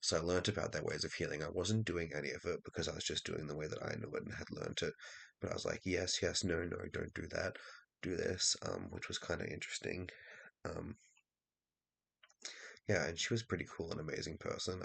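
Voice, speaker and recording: A man talking in a rambling casual monologue, swearing a lot and filling pauses with "um". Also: extremely low pitch, expressive, vocal fry, a bit bright, husky. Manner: rambling, heavy swearing, many fillers.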